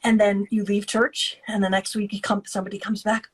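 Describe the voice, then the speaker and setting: A woman speaking as a guest expert in a podcast interview, explaining in an animated way and acting out the voices of other people. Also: medium pitch, moderate pace, few pauses, breathy edge, poor audio. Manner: animated, acts out quoted voices. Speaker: guest expert on narcissistic abuse, author.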